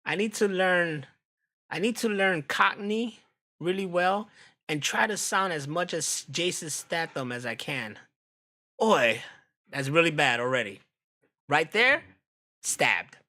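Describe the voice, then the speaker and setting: Bright-voiced American man chatting loosely. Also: a little high, unhurried. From United States. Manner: loose and profane, laughs often. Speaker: streamer. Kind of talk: casual chat reacting to videos.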